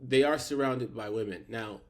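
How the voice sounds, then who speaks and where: A middle-aged podcast co-host, sounding sick, recaps a sitcom in a casual chat, telling the story animatedly and laughing often. His voice is mid-range and moves at a normal speed.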